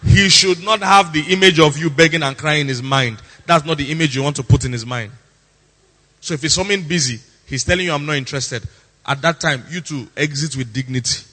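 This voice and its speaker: A man's voice: on the high side, brisk, sharp tone, big-room sound. A man preaching a sermon as a pastor. He is emphatic, repeats his lines for effect, and slips into theatrical impressions.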